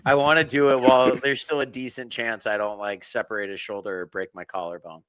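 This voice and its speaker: A man's voice: medium pitch, little pitch movement, a little fast, fairly bright tone, smooth, no room sound, rough recording. A man chatting as a guest on a casual podcast over a remote call, joking sardonically and swearing freely. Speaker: podcast guest, political activist.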